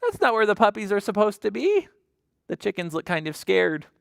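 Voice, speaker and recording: A woman librarian reads aloud to toddlers in a sing-song, coaxing way, asking little questions as she goes. Her pitch rises and falls in big, lively swings. The recording is close and dry. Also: normal speed, vocal fry, no room sound. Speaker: children's librarian. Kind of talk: toddler story time read-aloud.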